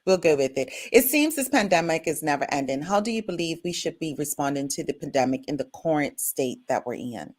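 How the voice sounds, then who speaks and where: A woman co-hosting a talk show, friendly and quick to laugh. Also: low voice, lively intonation, a little mellow.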